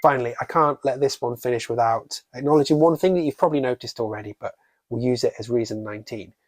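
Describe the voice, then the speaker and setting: A man talks through a horror movie review in a relaxed, scripted way, full of sarcasm and casual swearing. His voice sits at an ordinary pitch for a man, and the recording is dry with no room sound. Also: fast talker, no echo. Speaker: horror book and film reviewer.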